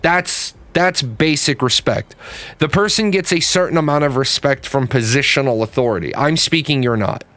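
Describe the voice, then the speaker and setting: A man's voice: medium pitch, moderate pace, a bit bright, dry recording. A middle-aged man giving a casual opinion monologue and telling stories, blunt and emphatic, swearing freely. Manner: tells stories, acting out the quoted people. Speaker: video host.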